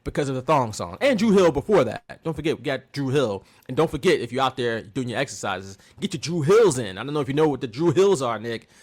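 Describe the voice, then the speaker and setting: A man co-hosting a podcast, recapping in casual chat with animated storytelling and mocking quotes. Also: mid-range voice, fast talker, hardly any pauses. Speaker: podcast co-host.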